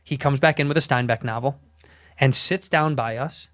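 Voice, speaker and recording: A man casually telling a story, swearing freely and acting out the quotes in an animated way. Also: medium pitch, normal speed, no room sound, studio quality. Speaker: storyteller guest.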